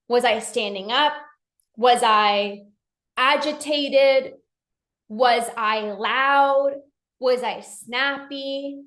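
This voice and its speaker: A woman's voice: high-pitched, fairly bright tone. A woman giving a motivational talk as a life coach, emphatic, acting out short dialogues in her own voice. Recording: echoey room.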